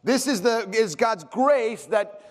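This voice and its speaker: A man preaches from the pulpit, his voice sitting a little higher than most. He tells stories with lively rises and falls in pitch and volume. The sound carries the long tail of a big hall. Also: slow pace. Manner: animated storytelling with big swings in pitch and loudness. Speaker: pastor. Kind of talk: sermon. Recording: long reverb of a large hall.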